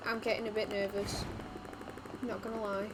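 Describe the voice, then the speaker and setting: A woman's voice: medium pitch, flat delivery, moderate pace, heavy background noise. A woman streaming a video game, chatting casually with her viewers and laughing often. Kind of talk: casual let's-play commentary.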